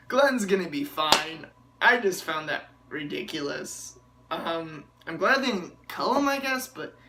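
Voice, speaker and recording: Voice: medium pitch, a bit bright, slight background noise. A TV reviewer giving a casual, rambling, sarcastic episode review, chuckling often and hunting for names. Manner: searching for names, frequent fillers.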